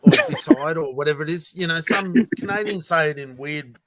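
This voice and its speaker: A man's voice: a little high, fairly quick, fairly bright tone. An Australian man hosting a casual livestream chat, rambling and hesitant with many ums. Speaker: livestream host.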